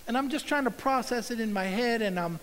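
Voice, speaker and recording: A pastor preaching a sermon, earnest and conversational, acting out little asides and inner dialogue. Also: male voice, very high-pitched, a little fast, a bit bright, big-room sound, rough recording.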